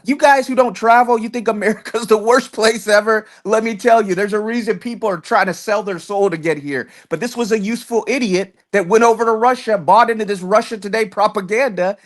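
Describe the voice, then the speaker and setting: A man's voice: brisk, hardly any pauses, a bit bright. A man in casual talk-show chat, rambling through long points with frequent restarts and repeated words. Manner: rambling, many restarts, swinging pitch when stressing points.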